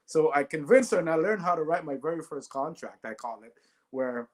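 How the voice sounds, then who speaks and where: Brisk and a little high in pitch, this Jamaican man is a former Olympic sprinter guesting on a podcast interview. He spins stories with animation, frequently adding "right?".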